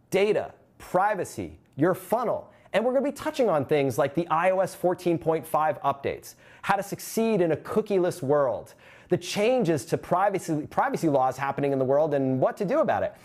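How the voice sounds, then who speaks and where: Hosting a live online marketing symposium, a man with a voice on the high side speaks to the camera. He's energetic and upbeat, making calls to action and reading out comments from the chat.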